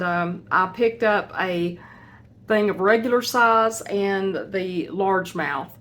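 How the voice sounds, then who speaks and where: A woman's voice: medium pitch, fairly bright tone. A woman, chatting casually in a homestead vlog as she shows her grocery haul, rambling and correcting herself about prices. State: hiccups. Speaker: homesteading vlogger.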